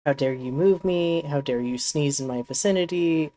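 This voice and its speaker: A streamer voicing their pet cat as a haughty, judgmental house cat, speaking in drawn-out, indignant complaints. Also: mid-range voice, mellow, slight background noise, natural voice.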